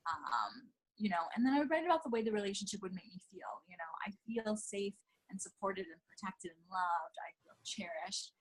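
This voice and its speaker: A woman in her thirties speaks in a husky, breathy voice at a middling pitch, earnest and reflective, with lots of "you know" and repeated words. She is a life coach talking over a headphone mic on a video call, and the call audio glitches now and then. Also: lively intonation, moderate pace, few pauses, poor audio. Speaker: life coach, interview guest. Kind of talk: casual conversational interview.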